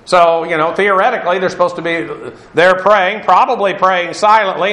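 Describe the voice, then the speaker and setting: A man's voice: sits high, fairly bright tone. A man giving a Bible lesson, explaining Greek words and spelling them out letter by letter. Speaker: Bible teacher. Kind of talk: classroom Bible lecture. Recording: echoey room.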